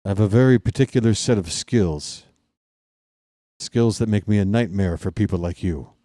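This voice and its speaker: A man putting on the voice of a grim, menacing man who delivers slow, cold threats, louder than his usual talk. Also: lowish voice, dry recording, clean studio sound, close to an everyday voice. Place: home apartment.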